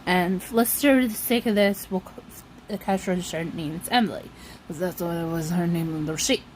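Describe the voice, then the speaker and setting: A woman's voice: on the low side, normal speed, darkish tone, a little hiss or hum. A woman vlogger telling a long story in a casual, rambling way, often circling back with "so anyway".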